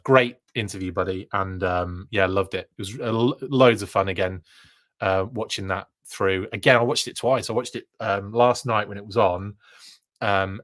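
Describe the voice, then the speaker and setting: A man's voice: on the low side, fairly bright tone. A man hosting a live podcast, chatting casually and reading viewer comments, rambling with plenty of fillers and playful jokes. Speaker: podcast host.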